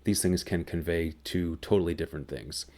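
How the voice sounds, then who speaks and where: A man teaching a grammar lesson, explaining slowly and clearly. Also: deep voice, darkish tone. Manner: slow, clear, deliberate explanation. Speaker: English teacher.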